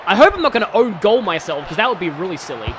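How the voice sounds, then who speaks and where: A game streamer giving excitable live commentary, often yelling at the game and wandering into chatty asides with lots of fillers. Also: mid-range voice, quick pace, crowd noise, noisy background. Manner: excitable, talks to the game, yells at big moments; rambling asides with many fillers. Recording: game music playing loud under the voice. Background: game music.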